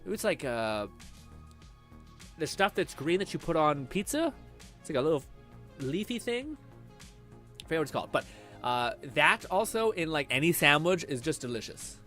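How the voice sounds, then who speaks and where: Rambling, animated young man streaming. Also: fairly high pitch, normal speed, long pauses, faint music behind. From Canada. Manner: rambling, laughing, swearing, animated. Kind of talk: casual chat reading viewer comments.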